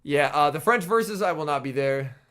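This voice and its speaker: A man with a hoarse, strained voice streams a game and talks to his viewers. His voice sits high and jumps all over, and the tone is bright and sharp. He reacts excitably to each turn of play. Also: moderate pace. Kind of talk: casual gaming livestream chat.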